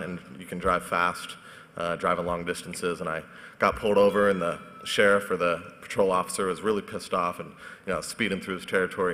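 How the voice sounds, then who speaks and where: A man's voice: sits low, sharp tone. A man on a conference panel telling a rambling, hesitant story full of fillers. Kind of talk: anecdotal storytelling on stage. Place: conference hall stage. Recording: echoey hall.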